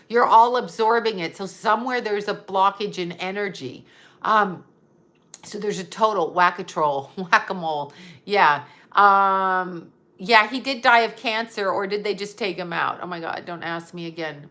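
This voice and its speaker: A woman's voice: medium pitch, pushed and bright. A woman who works as a psychic medium, chatting casually on a livestream, reading viewer comments aloud and answering them in a blunt, profane, rambling way.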